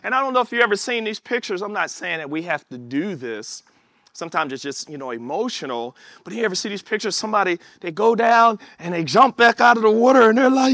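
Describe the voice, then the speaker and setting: A man preaching a sermon, in a conversational way, dropping to low asides and rising to excited, shouted lines. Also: brisk, no room sound, clean studio sound. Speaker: pastor.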